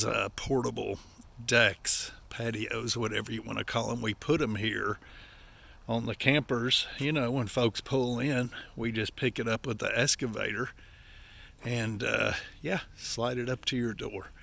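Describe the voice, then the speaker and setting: An older Appalachian man with a gravelly, breathless voice, winded from physical work, talks at medium pitch in a steady, sharp tone and a slightly slow pace. He's a campground owner and vlogger doing a casual walk-and-talk outdoors at his wooded campground, folksy and chatty, forever addressing "folks."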